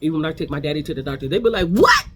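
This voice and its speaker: Man, high voice, rapid gossipy recap delivery, animated. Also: a little hiss or hum. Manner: animated, gossipy, acts out quotes. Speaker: recap host. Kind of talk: casual reality TV recap.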